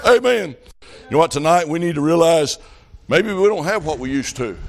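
A middle-aged man preaching a revival sermon, telling folksy stories in a plain country way and rising to loud shouted passages. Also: fairly high pitch, expressive, moderate pace, vocal fry.

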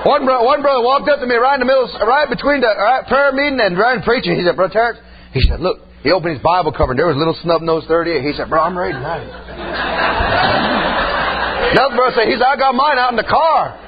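High-voiced folksy preacher. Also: male voice, animated, fast, dull audio, slight background noise. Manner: folksy, exclaims amen often, laughs at own stories. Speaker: pastor. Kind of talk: storytelling sermon. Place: church.

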